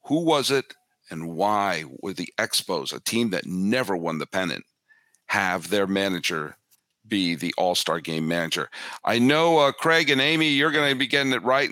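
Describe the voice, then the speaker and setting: A man guesting on a sports podcast, talking in an animated way and often repeating words as he builds his points. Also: fairly low pitch, dry recording, studio quality. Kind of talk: casual sports podcast chat.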